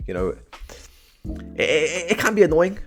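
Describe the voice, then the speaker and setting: A young British man ranking phrases in casual comedy commentary, full of slang and "bro", veering from low mumbles to sudden shouted verdicts. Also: normal speed, soft background music. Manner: slangy and animated, keeps saying "bro", swings from mumbling to shouting. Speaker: tier list host.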